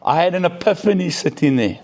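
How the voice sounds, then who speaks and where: Middle-aged guy spinning a story, fairly high voice, keeps tossing in "right?". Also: fairly quick. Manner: animated, peppers speech with "right?". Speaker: recovering addict sharing his story. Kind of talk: casual storytelling.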